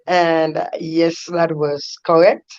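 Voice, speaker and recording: A woman's voice: sits low, level tone, slow pace, darkish tone, dull audio. A woman minister who is a guest speaker, talking graciously on a video call.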